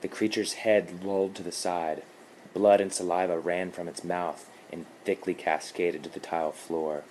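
A man narrating a horror story in a calm, measured reading. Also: low-pitched, slight background noise.

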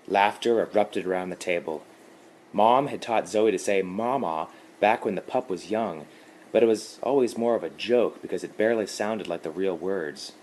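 A man narrating a horror story in a calm, measured reading. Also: low-pitched.

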